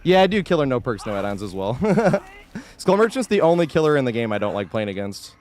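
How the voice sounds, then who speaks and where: Animated, swearing male game streamer. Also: mid-range voice, fairly quick. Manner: swears freely, laughs often, animated; chatty, thanks viewers while playing. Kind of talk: live gameplay commentary.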